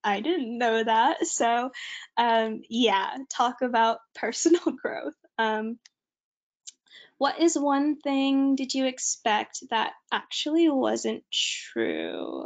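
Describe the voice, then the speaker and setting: A young woman from California with an American accent, giving a chatty, informal online presentation as a student. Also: on the high side.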